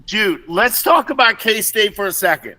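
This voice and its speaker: Brief: bright, sharp-toned male co-host, unhurried delivery, eager. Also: high voice, expressive. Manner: enthusiastic, hesitant fillers. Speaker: podcast co-host. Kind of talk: casual chat.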